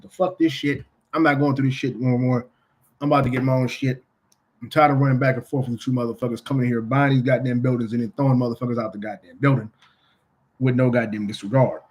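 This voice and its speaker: A man speaking in a casual, heated monologue, blunt and full of swearing. He repeats phrases to hammer his points home, and his voice sits at an ordinary middle pitch. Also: rough recording. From California. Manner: profane, blunt, repetitive. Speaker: vlogger.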